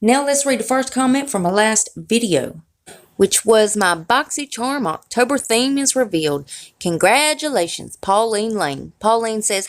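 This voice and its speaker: Gravelly-voiced Southern woman vlogger. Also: a little high, lively intonation, moderate pace. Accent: Southern US (South Carolina). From South Carolina, US. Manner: folksy, chatty, playfully sassy. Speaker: beauty YouTuber. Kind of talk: casual vlog chat.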